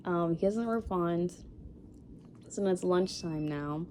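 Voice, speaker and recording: A woman's voice: on the low side, slow, a little mellow, a little hiss or hum. A young woman in her twenties telling a dating story in a casual vlog, rambling with lots of fillers and sniffling after crying. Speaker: vlogger.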